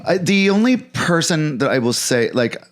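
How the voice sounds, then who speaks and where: A man from Canada, a comedian guest chatting casually, rambling and animated, often restarting his sentences. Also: a little high, moderate pace. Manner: rambling, animated, self-interrupting.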